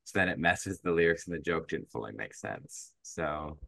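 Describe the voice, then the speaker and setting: A man's voice: very deep voice, lively intonation, normal speed, vocal fry, sharp tone, no room sound. A man co-hosting a podcast in casual chat, rambling along with lots of fillers and restarts. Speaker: podcast co-host.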